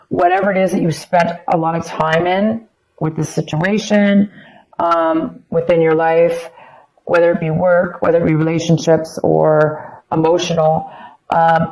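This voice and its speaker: A woman with a slightly low voice talks through a tarot reading, circling back over her phrases with plenty of ums. She is losing her voice as she goes. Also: a little mellow, low-quality recording. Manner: rambling, repeats phrases, many ums. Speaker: tarot reader. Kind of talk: casual tarot reading to camera.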